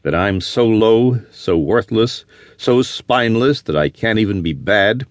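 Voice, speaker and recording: A man's voice: lowish voice, animated, unhurried, dry recording, clean studio sound. A man playing a reckless, lovesick young frontier drifter who speaks bitterly and with passion. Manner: bitter and impassioned.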